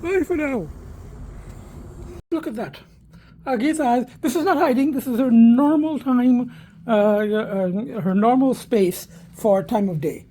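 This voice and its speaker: A man's voice: very high voice, unhurried, dark tone. Man, rambling vlogger, ranting, swearing, handheld phone, noisy outdoor recording. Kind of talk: casual rambling vlog monologue. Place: outdoors walking, then at home.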